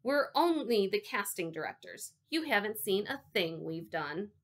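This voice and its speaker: A woman's voice: mid-range voice, sing-song, a little slow. Storybook casting director, old, weary and impatient, clipped sighing delivery, read by a woman. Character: tired, gruff old male casting director.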